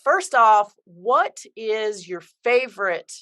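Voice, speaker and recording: A woman's voice: on the high side, lively intonation, slow pace, fairly bright tone. A woman hosting a podcast interview, upbeat and friendly as she asks questions. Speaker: podcast host. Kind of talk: casual interview.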